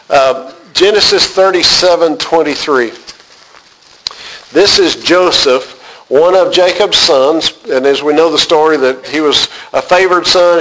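A man teaching a Bible class, reading scripture aloud and explaining it with frequent pauses, asking his class questions. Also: on the high side, fairly bright tone, rough recording. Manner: unhurried, reads scripture aloud then explains with many "uh" pauses.

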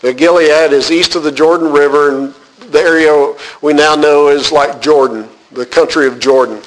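A man teaching a Bible class, reading scripture aloud and explaining it with frequent pauses, asking his class questions. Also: fairly high pitch, steady tone, rough recording. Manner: unhurried, reads scripture aloud then explains with many "uh" pauses.

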